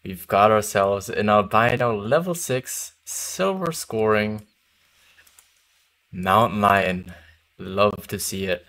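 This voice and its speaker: A man's voice: lowish voice, slow, a bit bright. A young man chatting casually while streaming a hunting game, laughing easily and trailing off mid-thought. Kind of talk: casual gaming chat.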